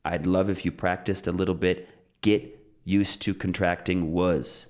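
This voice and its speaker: Deep-voiced man teaching pronunciation. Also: a little slow. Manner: relaxed, explains with examples and repeats phrases. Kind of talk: casual spoken lesson.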